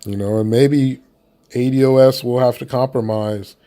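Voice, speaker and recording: A man's voice: mid-range voice, fairly even intonation, normal speed, mellow. Blunt, profane man with a mid-range voice. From United States. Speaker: commentator. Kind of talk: casual opinion commentary.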